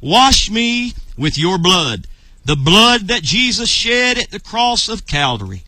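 A man closes a broadcast by earnestly leading listeners in a prayer, his voice bright and lively, rising and falling. The sound is dry and close. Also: sits high, slow pace, no room sound. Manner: earnest, leads a prayer to repeat. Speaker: ministry broadcast host. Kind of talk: closing prayer.

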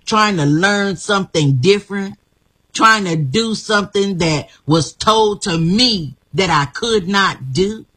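Woman guest, husky and bright, slow and emphatic, talks with lots of repeats. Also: mid-range voice. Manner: emphatic, repeats herself, laughs often. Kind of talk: inspirational interview talk.

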